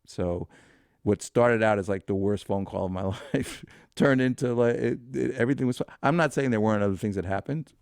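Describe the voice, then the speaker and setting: A man in his fifties spins a long anecdote as a podcast guest, slipping into the voices of the people he quotes and swearing freely. His voice sits low and gravelly, with a mellow, dark tone. The sound is close and dry. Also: a little fast, dry recording. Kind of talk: casual storytelling.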